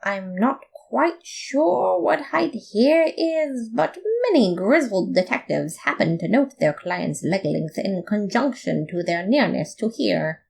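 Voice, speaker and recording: Playful, lively woman narrating a comic story. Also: medium pitch, slow pace, creaky, few pauses, husky. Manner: playful, expressive. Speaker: podfic reader.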